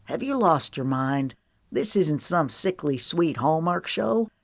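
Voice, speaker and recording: A woman voicing a stubborn, gruff young male cowboy in an audiobook, speaking curtly and bluntly. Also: deep voice, lively intonation, takes it slowly, no echo, clean studio sound, heavily acted. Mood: annoyed. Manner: curt and blunt. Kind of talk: audiobook character reading.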